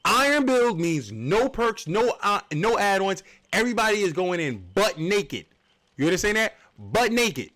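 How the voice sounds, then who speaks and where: Lively man hosting a game tournament stream. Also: sits high, measured pace. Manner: lively, explains rules with joking asides. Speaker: tournament host and caster. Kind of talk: livestream game commentary.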